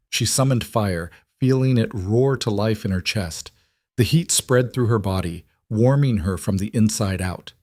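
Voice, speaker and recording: Male storybook narrator, steady and dramatic, low and dry. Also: unhurried, no room sound. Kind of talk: scripted narration.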